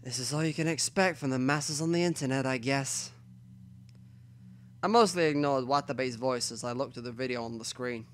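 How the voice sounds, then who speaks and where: A man reading a visual novel aloud as the host of a let's play, with quiet asides to himself between stretches of narration. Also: mid-range voice, moderate pace, a little hiss or hum.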